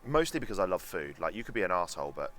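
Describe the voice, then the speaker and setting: A young Englishman with a London accent streams a game, chatting casually, swearing freely, and answering chat. His low voice is sing-song and racing with a fairly bright tone, and faint music plays behind him.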